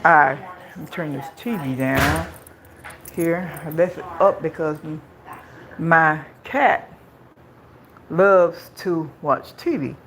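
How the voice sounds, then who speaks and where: A woman's voice: low-pitched, slow, pauses often, fairly bright tone. Rambling woman on a phone stream. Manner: chatty and rambling, repeats phrases. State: out of breath from walking. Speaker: vlogger. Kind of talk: casual live-stream chat. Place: walking outdoors, then at home. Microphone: phone camera. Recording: noisy phone live stream.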